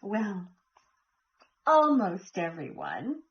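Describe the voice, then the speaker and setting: Animated woman reading a storybook. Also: medium pitch, very slow, slight background noise. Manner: animated, asks listeners questions. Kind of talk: reading a picture book aloud. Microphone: phone. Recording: lo-fi phone recording.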